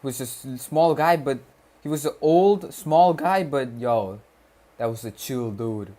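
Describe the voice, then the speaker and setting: A young man from Kerala, India, casually chatting with viewers during a study stream. He talks slowly and loosely, drops slang like "fam" and "yo," and pauses often while reading the chat. His voice has an ordinary middle pitch. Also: dark tone. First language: Malayalam. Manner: slow, laid-back, reads chat aloud with slang. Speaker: livestreamer.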